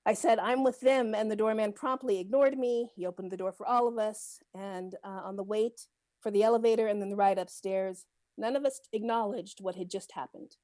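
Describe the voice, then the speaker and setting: A middle-aged woman giving a personal testimony as a guest speaker at a synagogue service, earnest and measured, pausing often. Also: medium pitch, mellow, no room sound. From United States. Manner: earnest, measured, with frequent pauses and fillers.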